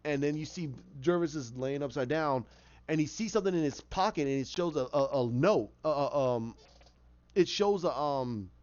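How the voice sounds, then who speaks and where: A man excitedly telling a movie idea as a casual story, acting out scenes with sound effects. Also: fairly high pitch, normal speed. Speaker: fan pitching a film idea. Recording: muffled lo-fi recording.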